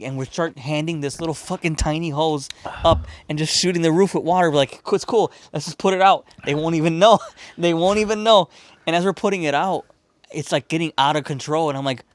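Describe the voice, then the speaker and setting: A Chicago man hosting a podcast tells a long, rambling, profanity-laced story in casual conversation, speaking at a normal pace in a slightly high voice. He animates the retelling by doing the voices of the people involved.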